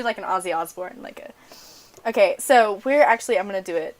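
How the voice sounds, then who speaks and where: A woman's voice: mid-range voice, brisk, crowd noise. A young American woman hosts a podcast in casual chat, her voice sitting in a middle register. She talks frankly and breaks into giggles easily, with a chatty, unguarded delivery. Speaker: podcast host.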